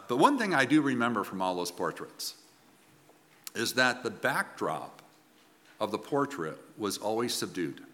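A man preaching in an earnest, emphatic way, pausing and restarting as he drives each point home. His voice is low and bright, and he speaks slowly. Long reverb from the hall trails behind his words. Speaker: pastor. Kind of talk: sermon.

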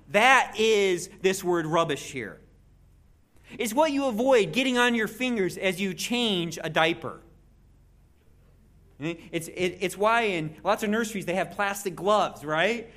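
A preacher giving an expository sermon in an animated way, with jokey asides and frequent restarts. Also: mid-range voice, unhurried.

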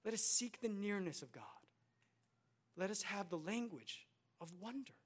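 A man's voice: sits high, animated, measured pace. Earnest man preaching a sermon. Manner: earnest preaching with rhetorical questions and repetition. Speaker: pastor.

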